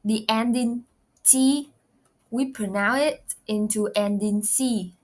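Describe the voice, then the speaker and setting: Slow, careful Vietnamese-accented woman teacher. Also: on the high side, a little mellow. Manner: slow, careful modeling of sounds with repetitions. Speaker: language teacher. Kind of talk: pronunciation lesson.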